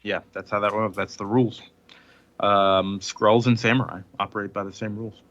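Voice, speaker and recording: A man's voice: lowish voice, flat delivery, moderate pace, a bit bright, highs cut off. A man hosting a podcast in casual chat, recapping a comic in a rambling way with many fillers and chuckles. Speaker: podcast host.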